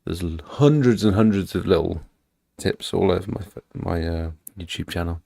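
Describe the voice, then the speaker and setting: A man with a very deep, gravelly voice chats bluntly on a late-night live stream. He sounds tired and matter-of-fact. The sound is dry and close, with no room echo. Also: moderate pace, mellow. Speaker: channel host.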